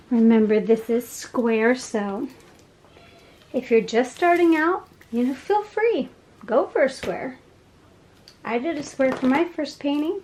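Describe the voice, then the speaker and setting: A woman chatting casually as she unboxes craft kits, gushing with soft laughs. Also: fairly high pitch, creaky, a little hiss or hum, poor audio. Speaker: unboxing vlogger.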